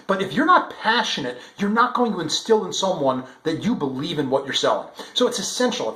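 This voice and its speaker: An upbeat man coaching salespeople through a daily talk, with plenty of "um"s and "uh"s. His voice sits fairly high for a man. The sound carries a roomy echo. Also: fairly bright tone. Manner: upbeat, encouraging, many "um" and "uh" fillers.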